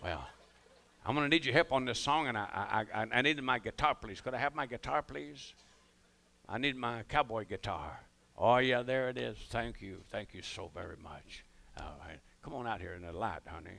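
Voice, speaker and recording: An older man with a drawl, telling rambling comic stories on stage. His voice is gravelly with a bright edge, and he keeps breaking off into folksy asides to the crowd. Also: medium pitch, normal speed. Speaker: comedian and musician on stage. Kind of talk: live stage comedy storytelling. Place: ballroom stage before a live audience.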